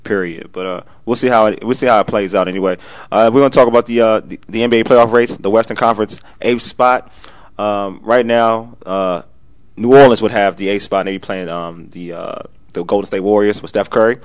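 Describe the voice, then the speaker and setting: A man's voice: on the low side, brisk. A man hosting a casual sports podcast, talking bluntly and animatedly in bursts. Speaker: podcast host.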